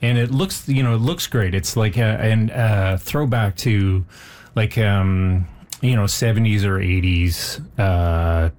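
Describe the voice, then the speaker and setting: A man with a lowish voice speaks into a studio microphone as a radio guest. He talks about films in a relaxed, hesitant way, stopping to restart his sentences. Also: slow pace. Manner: hesitant, many ums and restarts. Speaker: film society guest. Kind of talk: casual radio interview.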